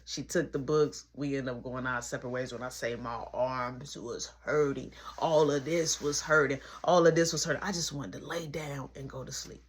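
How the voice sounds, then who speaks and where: Young woman, casual storytime, slangy, animated delivery. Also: extremely low pitch, normal speed, few pauses, husky. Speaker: vlogger.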